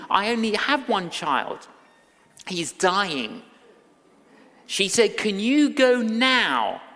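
Male minister, animated storyteller, reverberant recording. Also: high-pitched. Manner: lively storyteller acting out dialogue. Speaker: guest minister. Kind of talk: storytelling sermon-style talk.

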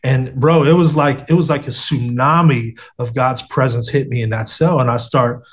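A man's voice: mid-range voice, fairly even intonation, normal speed. A man telling his faith story in an interview over a video call, earnest and street-casual, often saying "man" and "bro".

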